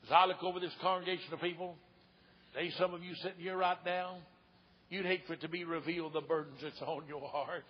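An older evangelist man with an East Tennessee Southern accent, preaching an old-time revival sermon in a folksy storytelling way that swells into shouts. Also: on the high side, steady tone, a little fast, slightly rough. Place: church sanctuary. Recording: dull lo-fi church recording with long reverb.

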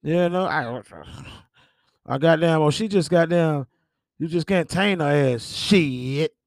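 Slow and a little high, with vocal fry, the podcast host reads celebrity headlines and reacts with profane outbursts and laughter. It's casual gossip commentary, recorded dry with clean studio sound.

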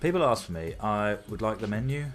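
A man's voice: fairly low pitch, very animated, a little fast, faint music behind. A man co-hosting a podcast, thinking aloud over riddles, repeating the clues, and dropping dry jokes. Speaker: podcast co-host. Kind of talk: casual riddle chat.

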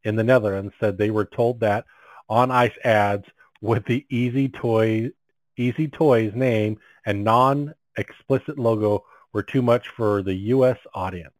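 A man's voice: fairly low pitch, fairly even intonation, unhurried, dry recording, low-quality recording. Crude joking man reading news. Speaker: podcast co-host reading news stories. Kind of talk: casual banter, reading news aloud.

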